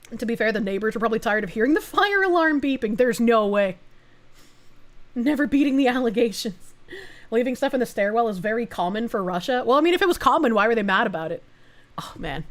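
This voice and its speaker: A young woman live-streaming from her home setup, reacting and reading her chat aloud in a loose, blunt way. Her voice sits a little high, and she swears freely and laughs often between comments.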